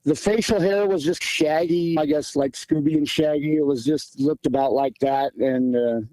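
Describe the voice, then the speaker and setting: A man's voice: on the high side, moderate pace, mellow, no room sound, poor audio. A man in his forties from the Pacific Northwest, a hunter answering interview questions in a plain, repetitive way with many fillers. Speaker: guest, hunter describing a sighting.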